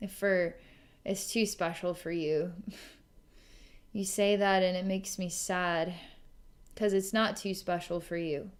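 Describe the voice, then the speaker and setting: A woman giving a recorded psychic reading, musing aloud with halting pauses, frequent ums and sighs, and soft laughs. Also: on the low side, steady tone. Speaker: psychic reader.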